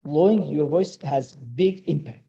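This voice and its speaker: A man's voice: fairly high pitch, normal speed, mellow, highs cut off. A man giving an earnest sermon-like talk at a religious study circle, repeating his key advice, with a delivery.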